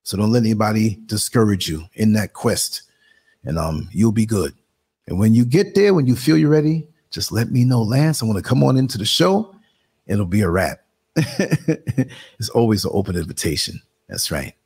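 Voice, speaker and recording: Gravelly New York man hosting a live stream. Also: on the low side, animated, a little fast, a little mellow. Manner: conversational, muttering asides while working the computer. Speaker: live show host. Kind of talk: casual live-stream talk. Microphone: computer streaming setup.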